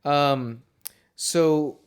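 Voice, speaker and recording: A man's voice: on the high side, very slow, clean tone. A man co-hosting a casual movie podcast, talking in a rambling, profane way and laughing often. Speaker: podcast co-host.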